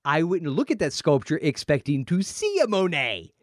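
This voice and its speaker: Animated man arguing on a podcast. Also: a little high, normal speed, no room sound, clean studio sound. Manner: animated, interrupting, mock voices. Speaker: podcast co-host. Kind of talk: casual argumentative chat.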